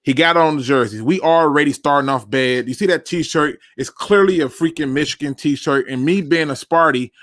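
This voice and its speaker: A man hosting a casual sports talk livestream, animated and self-deprecating, with a loose slangy delivery. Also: fairly high pitch, moderate pace, few pauses, no echo, clean studio sound. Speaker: podcast host.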